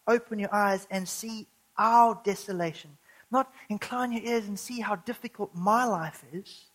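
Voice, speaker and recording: A woman preaching a sermon, earnest, building to urgent emphasis and slowing down when reading scripture. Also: medium pitch, low-quality recording.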